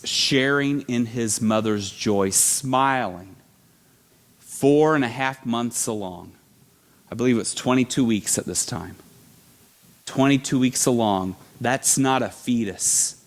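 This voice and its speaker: A middle-aged man preaching a sermon as a pastor, telling a family story in an animated way and acting out other people's voices. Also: mid-range voice, takes it slowly.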